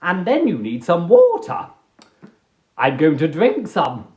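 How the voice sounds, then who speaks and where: A theatrical British man with a high voice that swoops all over the place, speaking slowly as if savouring every daft line, heard in an echoey room. He hams it up for his live viewers. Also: huge pitch swings, darkish tone. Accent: British English. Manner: hammy, singsong, drifts into silly voices and humming. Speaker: live-stream host answering viewer prompts. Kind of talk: playful, theatrical chat. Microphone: phone.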